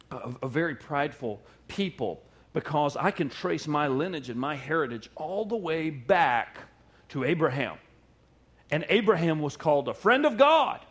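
A male pastor preaching a sermon, retelling a parable with animated, repetitive emphasis. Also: sits high.

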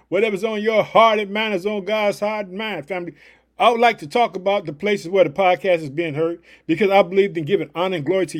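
A man preaching a devotional podcast sermon, fired up and emphatic, leaning on repeated catchphrases. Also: high voice.

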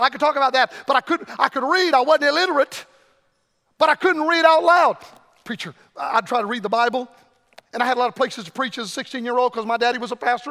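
A man in his sixties preaching a revival sermon as a visiting evangelist, fiery, swinging between shouts and low murmurs. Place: church sanctuary. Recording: reverberant church hall.

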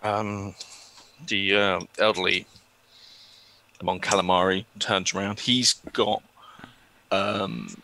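Male game master, low voice, bright and forceful, hesitant narration. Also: slow pace, creaky, long pauses, slight background noise. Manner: hesitant, many ums, chuckles.

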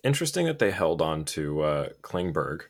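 A man discussing a hockey game after it ends, reacting with quick exclamations. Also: very deep voice, sing-song. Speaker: hockey analyst. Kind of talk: post-game sports talk.

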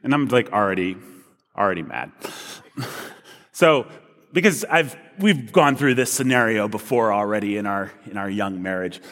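Self-deprecating pastor in a reverberant church. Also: male voice, fairly low pitch, moderate pace. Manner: relaxed storyteller, self-deprecating, lively asides. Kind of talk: sermon with a humorous personal story. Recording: long reverb of a large room.

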